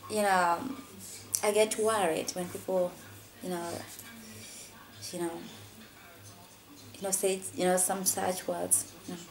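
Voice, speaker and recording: A woman from Africa telling a personal story in a vlog, saying "you know" constantly and jumping high in pitch when she quotes others. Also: darkish tone, a little hiss or hum. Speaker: vlogger.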